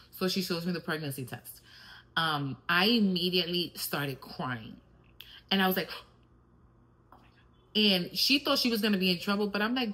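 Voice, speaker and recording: A middle-aged woman hosts a podcast, candidly and reflectively sharing personal stories in a casual monologue full of fillers, briefly slipping into Spanish. Her fairly low, bright, forceful voice has lively intonation, normal speed, and long pauses, on a rough recording.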